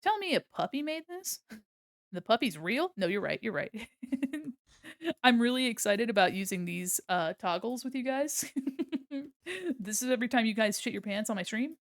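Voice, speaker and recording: A woman's voice: on the high side, animated, normal speed, no echo. Woman streamer, casual and silly, laughs a lot, dry close mic. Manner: giggly, silly, rambling. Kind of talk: casual livestream chat while drawing.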